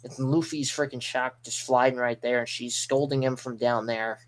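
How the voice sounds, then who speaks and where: A man giving live reaction commentary as a manga reaction streamer, excitable and rambling, with mild swearing. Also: mid-range voice, normal speed.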